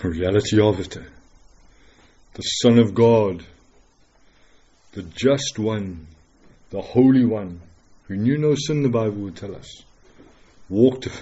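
A man delivers an earnest, dramatic sermon, pressing his listeners with rhetorical questions and dropping from loud declarations to hushed words. His voice is low, mellow and slightly husky. The recording sounds dull and lo-fi. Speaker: preacher.

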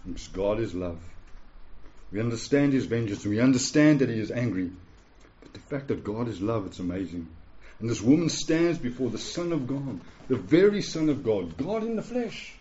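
A man in his forties delivers a sermon in a warm, relaxed voice, pressing his points by repeating them and asking his listeners "yeah?". The recording is dull and lo-fi. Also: mid-range voice, normal speed. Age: 40s. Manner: emphatic, repeats phrases, asks the room "yeah?". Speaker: pastor. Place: church hall with a live congregation.

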